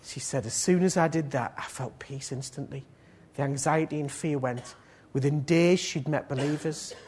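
A man preaching a sermon and leading prayer, swinging between loud pleading appeals and soft, low passages. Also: moderate pace, a little hiss or hum.

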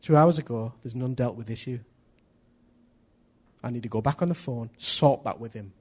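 A middle-aged man preaching a sermon, animated, acting out little dialogues as he tells stories. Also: medium pitch, moderate pace, husky. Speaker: pastor.

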